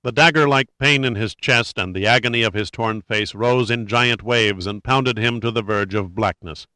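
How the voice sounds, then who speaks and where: Male narrator for a gritty thriller read, steady and measured, sharp clear tone. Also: lowish voice, no room sound. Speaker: audiobook narrator. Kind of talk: dramatic audiobook narration.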